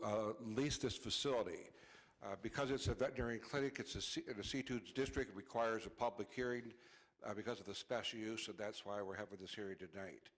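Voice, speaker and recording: A man on city staff presenting a zoning item at a council meeting, matter-of-fact and full of "uh" fillers. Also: mid-range voice. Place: council chamber.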